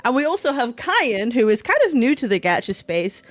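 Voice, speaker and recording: A woman's voice: fairly high pitch, very animated, normal speed, dry recording. A woman hosting a podcast, upbeat and giggly as she introduces guests and moderates. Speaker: podcast host.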